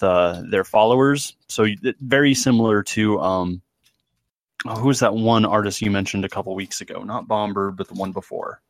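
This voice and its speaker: Low-voiced man chatting casually. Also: no echo, studio quality. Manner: rambling, filler-heavy. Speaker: podcast co-host. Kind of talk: casual chat.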